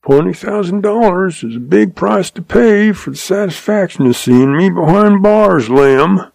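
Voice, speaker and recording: A shrewd old cowboy drawls along in a calm, folksy way, amused at everyone else, as a man puts him on. The voice sits well above the reader's own and keeps a gravelly edge. The sound is dry and close. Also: high-pitched, a little slow, no room sound, voice pushed up, heavily acted. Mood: sly calm. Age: older.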